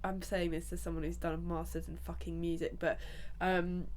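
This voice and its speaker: A woman's voice: on the low side, flat delivery, normal speed, a little mellow, slight background noise. Congested chatty woman podcaster. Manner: rambling, full of "like", laughs often. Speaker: podcast co-host. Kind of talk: casual chat.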